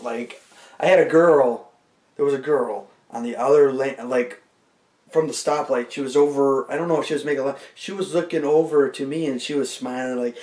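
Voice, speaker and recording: A man's voice: medium pitch, darkish tone. Rambling young man telling a driving story. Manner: rambling, loose, full of "like" and "you know", acts out moves. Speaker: comedian telling a story to camera. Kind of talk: casual stand-up storytelling.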